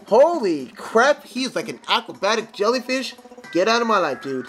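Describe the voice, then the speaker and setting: Excitable young man with a lively voice. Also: sits high, moderate pace, low-quality recording. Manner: excitable, jokey, talks to enemies, sings snatches. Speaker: gaming channel host. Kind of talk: casual gameplay commentary. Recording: music playing under the voice.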